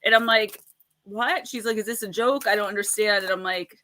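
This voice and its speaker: A woman's voice: mid-range voice, brisk, sharp tone. A woman hosting a casual livestream of oracle card readings, chatty and rambling, laughing often and greeting viewers by name.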